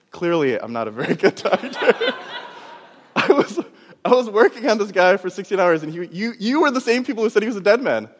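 A man with a somewhat high voice shares his story in a sermon, animated and quick to laugh at himself. His voice rings out with the long reverb of a large hall. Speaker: doctor and preacher. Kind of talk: sermon testimony.

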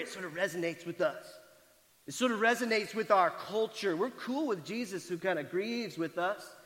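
A man with a high-pitched voice preaches a sermon, telling a story with dramatic swings between forceful emphasis and near-whispered quiet. His voice rings out in a large hall with a long reverb trailing each phrase. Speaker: pastor.

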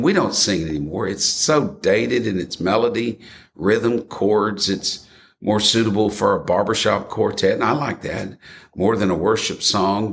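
A man preaching a sermon, quoting scripture and old hymn lyrics in an expressive delivery. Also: on the low side.

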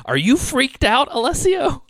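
A man impersonating a motherly older New York woman on the phone, fussing over the caller. The voice rides high above his own and carries a nasal, drawn-out edge. His usual speech is dry and close. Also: huge pitch swings, a bit bright, no room sound, full character voice. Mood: concerned.

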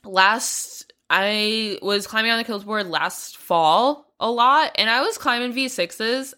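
A woman's voice: mid-range voice, slow pace, sharp tone. A young adult woman talking candidly in a casual training vlog, swearing freely and laughing at herself. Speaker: climbing vlogger.

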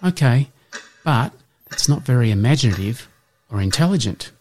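A man's voice: mid-range voice, animated, moderate pace, darkish tone, a little hiss or hum, close to an everyday voice. A man voicing a flirty, fussy female poodle who speaks in a prim, teasing way. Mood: dismissive.

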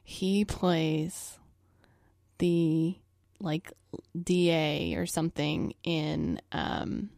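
A young woman co-hosting a casual podcast, her voice low and gravelly with plenty of fry. She tosses in wry, dry jokes, recorded close with no room sound. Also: fairly even intonation, very slow, darkish tone, no room sound. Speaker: podcast co-host. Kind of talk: casual chat.

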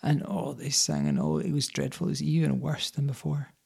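Gravelly male storyteller. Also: on the high side, very animated, a little fast. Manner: dramatic, with hushed whispers and sudden loud bursts. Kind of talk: first-person folk tale telling.

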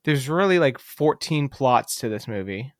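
Easygoing young man, mid pitch. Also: expressive, measured pace, no room sound, studio quality. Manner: easygoing, blunt, jokey. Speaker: podcast co-host. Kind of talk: casual movie-review chat.

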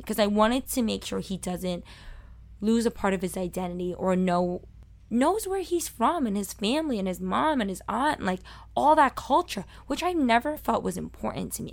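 Talkative Brooklyn woman in her thirties, loud and emphatic, slightly gravelly voice, dry close recording. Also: mid-range voice, dry recording. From Brooklyn, New York. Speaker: food video host and cook. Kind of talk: personal reflective monologue.

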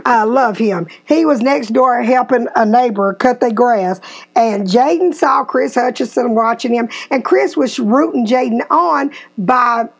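A woman in her 50s hosts a podcast, telling a family story in a lively, casual way and acting out the quotes. Her voice is fairly high and she takes her time.

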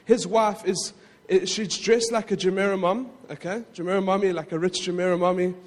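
A man preaching a sermon in a conversational way, with frequent asides to the congregation and quick self-corrections. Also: sits high, fairly even intonation, big-room sound. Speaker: pastor.

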